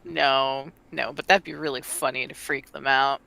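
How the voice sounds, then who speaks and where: A woman's voice: very deep voice, steady tone, normal speed, gravelly, sharp tone, low-quality recording. A woman playing a tabletop game, playful and giggly in casual banter. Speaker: player.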